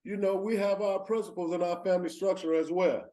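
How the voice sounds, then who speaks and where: A man's voice: high-pitched, brisk. A man hosting a podcast, chatting casually and encouraging his guest. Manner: relaxed, encouraging, echoes the guest's words. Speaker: podcast host. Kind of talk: casual interview chat.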